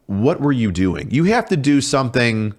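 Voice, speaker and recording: A man's voice: medium pitch, very animated, moderate pace. A man in his thirties, a podcast guest telling casual, profane stories and acting out quoted voices. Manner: profane, laughing storyteller, acts out quoted voices. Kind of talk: casual storytelling chat.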